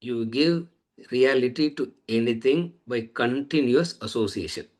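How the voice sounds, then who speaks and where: A man's voice: medium pitch, unhurried, a little mellow. A man teaching a lecture on scripture, repeating phrases and asking rhetorical questions. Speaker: Vedanta teacher.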